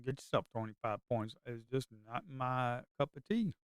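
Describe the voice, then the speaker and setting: A man's voice: medium pitch, normal speed, clean tone, no room sound. A middle-aged man giving casual live commentary while trading. He is chatty, repeats himself and adds sarcastic asides. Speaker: day trader streaming live.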